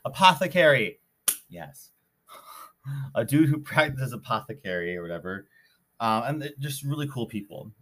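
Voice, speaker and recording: A young man from Minnesota, a podcast host, telling a story in a rambling, animated way with many fillers. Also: medium pitch, normal speed, long pauses, slight background noise. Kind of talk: casual storytelling.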